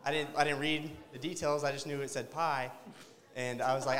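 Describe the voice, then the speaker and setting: After a few drinks, a male comic works the crowd in a rambling, crude open-mic routine, cracking himself up along the way. He speaks at normal speed with a fairly high, fairly bright voice and pauses often, all echoing with long hall reverb.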